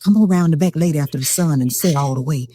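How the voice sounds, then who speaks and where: A woman's voice: sits low, very fast, warm tone, slight background noise, natural voice. A woman playing a sly, gossiping old Southern woman in a comedy sketch, with a thick folksy drawl and a chiding manner. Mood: gossipy. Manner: chiding, sly, mock-cautious.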